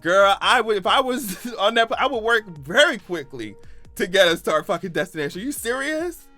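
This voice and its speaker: Brief: male vlogger, high bright voice, animated comedic commentary, laughs a lot, faint music underneath. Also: moderate pace. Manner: animated, laughing, profane and exaggerated. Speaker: YouTube commentator. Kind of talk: casual comedic news commentary.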